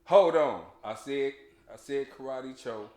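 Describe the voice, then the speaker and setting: A man telling a childhood story in casual chat, animated and laughing, full of slang and restarts. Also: medium pitch, unhurried. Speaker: podcast host. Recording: echoey room.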